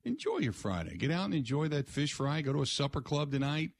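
A man's voice: fairly high pitch, big pitch swings, a little fast, dry recording. A man hosting a sports radio show, rambling and joking through casual rants. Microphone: studio mic.

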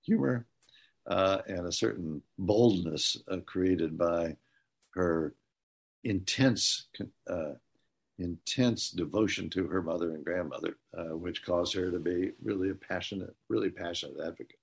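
A low-voiced man with a gravelly, husky edge tells stories as an interview guest. He talks earnestly and haltingly, stopping often as he goes. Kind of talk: conversational storytelling.

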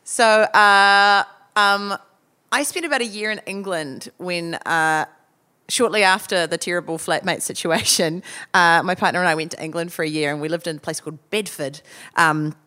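A woman's voice: on the low side, moderate pace, pushed and bright, smooth. New Zealand woman host, chatty and loose, lots of ums, live on stage. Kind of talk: live storytelling.

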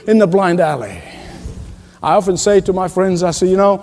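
A man's voice: high-pitched, lively intonation, normal speed, a little mellow, big-room sound. A man preaching a sermon as pastor, emphatic, repeating key lines and chuckling at his own stories.

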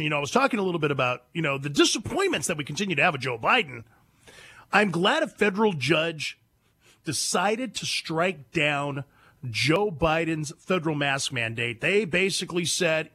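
Male talk radio host, high pitched and bright, emphatic, indignant delivery. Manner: emphatic, indignant, takes calls.

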